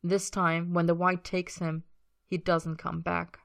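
Female story reader, lower pitch, emotive and measured delivery. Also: little pitch movement, creaky, a bit bright. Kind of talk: audiobook-style fiction reading.

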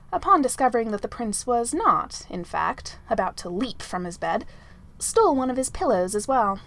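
A woman narrating a fantasy story aloud in an expressive, gently wry manner. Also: fairly high pitch. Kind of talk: audiobook narration of fan fiction.

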